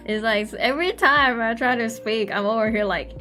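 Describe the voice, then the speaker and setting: A woman's voice: a little high, normal speed, few pauses, bright, forceful tone, soft background music. A young woman chatting casually on a drawing stream, rambling and self-conscious, laughing often. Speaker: artist streamer.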